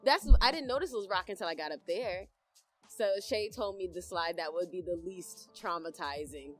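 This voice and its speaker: A woman's voice: fairly low pitch, brisk, soft background music. A woman co-hosting a podcast, telling stories and explaining in a casual, slangy way with frequent laughter. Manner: animated, laughs often, slangy. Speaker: podcast co-host. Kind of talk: casual chat, storytelling.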